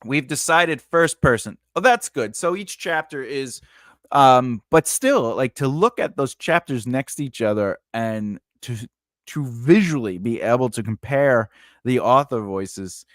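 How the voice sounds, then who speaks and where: A man's voice: mid-range voice, animated, measured pace, no room sound, studio quality. A man hosting a casual live writing class, talking loosely with lots of fillers and puns, laughing often. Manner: punning, loose, full of "like" and "you know". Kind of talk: casual live-streamed lesson, reading chat comments.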